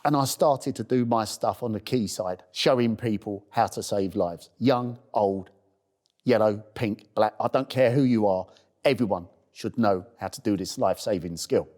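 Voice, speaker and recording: A man's voice: lowish voice, unhurried, a little mellow. A man earnestly telling a heartfelt personal story in a documentary. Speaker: first-aid campaigner.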